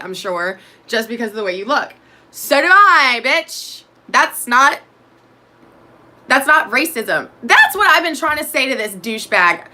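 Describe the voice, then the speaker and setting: A woman in her thirties doing her makeup while talking to camera in a blunt, profane, rambling vlog monologue, swinging from loud bursts to low mutters. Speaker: vlogger.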